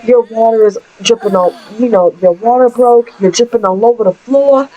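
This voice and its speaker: A woman's voice: a little high, moderate pace, phone-quality sound, lightly acted. A woman voicing a nervous young husband who frets about his first children, talking in an exasperated, pleading way. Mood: urging. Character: flustered young husband, nervous new dad.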